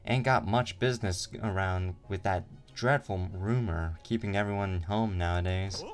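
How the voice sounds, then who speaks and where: A man voicing a rough, jovial older male gang boss who teases and shouts in slang. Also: low-pitched, moderate pace, faint music behind, close to an everyday voice. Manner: gruff, teasing, slangy.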